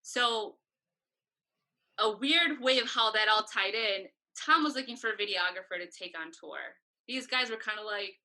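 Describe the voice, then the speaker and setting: A woman guest on an interview podcast, chatty and animated, telling a long story and acting out the other people's lines. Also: mid-range voice, moderate pace, low-quality recording. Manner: chatty, animated, acts out quoted dialogue. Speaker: guest, tour photographer.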